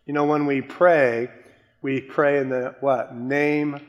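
A man preaching a sermon with strong emphasis, rising to loud stresses and dropping to quiet lines. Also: medium pitch, level tone, takes it slowly, highs cut off. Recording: long hall reverb.

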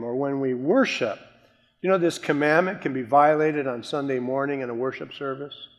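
A male preacher with an ordinary middle pitch delivers an emphatic sermon at a moderate pace. He swings between hitting some words hard and letting others sink low and soft, his voice ringing with the long reverb of a large hall.

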